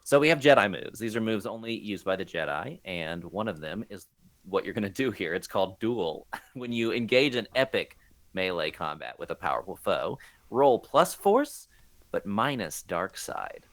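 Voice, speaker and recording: A young man running a tabletop game as game master, lively and laughing often with geeky enthusiasm. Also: deep voice, normal speed, dry recording.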